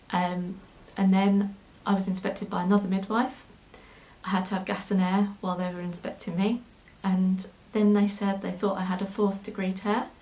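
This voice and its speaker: A woman's voice: medium pitch, mellow, low-quality recording. A young woman telling a personal story to camera in a sewing vlog, hesitant and full of ums, at times emotional. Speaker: sewing vlogger.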